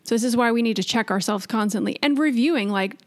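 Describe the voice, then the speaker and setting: A woman's voice: a little high, quick pace. A woman co-hosting a podcast in casual chat, explaining her views earnestly with plenty of fillers. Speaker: podcast co-host.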